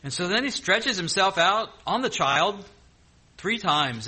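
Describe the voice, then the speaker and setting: A man preaching a sermon, retelling scripture with lively, joking asides between the verses he reads. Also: high-pitched, normal speed.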